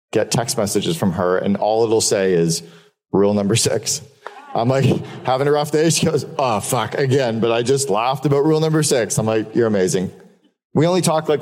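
A man's voice: on the low side, a little mellow. A man giving a candid, profane business keynote to a live audience, telling stories and repeating points for emphasis. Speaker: keynote speaker. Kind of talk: live business talk with storytelling. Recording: long hall reverb.

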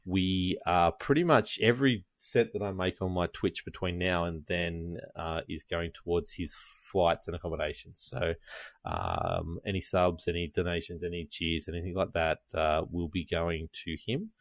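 A low-pitched man hosts a casual live podcast. He rambles in a chatty way with lots of ums, and the sound is dry and close. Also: normal speed, no echo. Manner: chatty, rambling with many fillers. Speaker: podcast host.

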